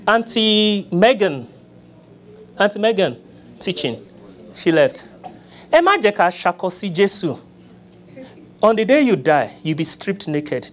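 A preacher delivering a sermon, pleading and acting out prayers, swinging from loud cries to hushed murmurs. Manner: acts out begging prayers in a low, soft voice.

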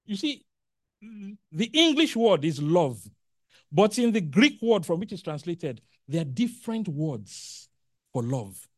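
A preacher giving a sermon in an animated way, acting out quotes and asking the congregation questions. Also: mid-range voice, slow pace, no echo, studio quality.

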